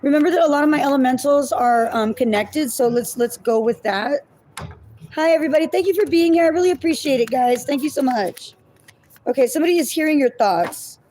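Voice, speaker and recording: A woman's voice: high voice, fairly quick, darkish tone, slight background noise, poor audio. A woman giving a casual tarot reading to her viewers, chatty, thinking aloud and laughing at herself as she goes. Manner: addresses viewers as y'all and my loves. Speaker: tarot reader.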